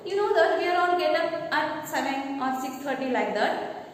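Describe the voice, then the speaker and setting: A woman's voice: high-pitched, normal speed. A woman teaching a lesson. She reads a textbook passage aloud and explains it line by line, often asking "okay?". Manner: reads the text aloud, then explains it with frequent "okay?" and "means". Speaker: English teacher. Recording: very echoey room, voice far from the mic.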